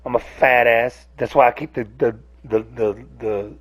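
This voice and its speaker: A man's voice: medium pitch, steady tone, normal speed. A man, ranting casually to camera, rambling and cursing with many restarts. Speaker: host. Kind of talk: casual solo rant to camera. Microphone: camera on a device, close.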